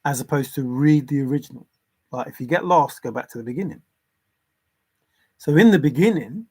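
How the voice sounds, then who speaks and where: A man with a fairly high voice hosts a casual livestream from home. He talks in an earnest, insistent way and stops to answer viewer comments. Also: darkish tone. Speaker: livestream host. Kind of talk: casual livestream talk on religion.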